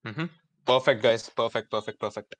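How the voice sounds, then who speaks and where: Man, 20s, Indian English accent, event host, energetic, lots of fillers, dry close mic. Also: medium pitch, moderate pace, no echo. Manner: energetic, chatty, many fillers. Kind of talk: hyped live event hosting.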